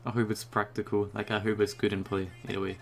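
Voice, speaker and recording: A young man ranting casually and excitedly about a new card, rambling and swearing often, just after waking up. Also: on the low side, fast talker. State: just woke up. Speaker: YouTuber reviewing a card.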